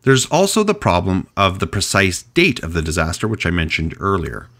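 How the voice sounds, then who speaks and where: A man hosting a podcast, telling a mystery story in a casual, chatty way with animated delivery and frequent restarts. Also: low-pitched, normal speed. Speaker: podcast host.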